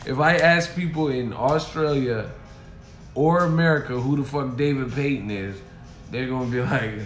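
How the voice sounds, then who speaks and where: A man's voice: mid-range voice, moderate pace, faint music behind. A man ranting on a stream in a profane, mocking way from a hotel room. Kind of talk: casual rant. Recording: echoey room.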